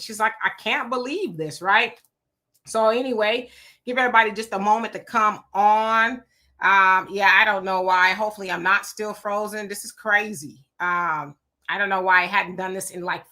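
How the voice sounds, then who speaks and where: A woman's voice: medium pitch, steady tone, normal speed, bright, forceful tone. A woman hosting her own live stream show, chatting casually and greeting viewers by name. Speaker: livestream show host.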